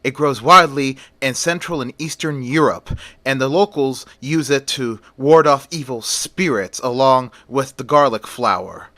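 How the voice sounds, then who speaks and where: A learned old male vampire-hunting professor, as a man reading the story puts him on. He explains in a measured, lecturing manner, and the voice is bright and dry. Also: medium pitch, no room sound. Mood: explaining.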